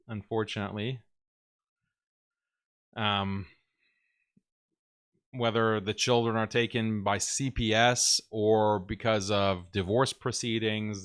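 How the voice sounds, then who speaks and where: Man, show host, casual livestream talk, blunt and opinionated, sarcastic mimicry, bright tense voice, clear resonant tone. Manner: mocking, with sarcastic high-pitched mimicry of critics; blunt, opinionated, laughs while talking. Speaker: show host reading viewer super chats.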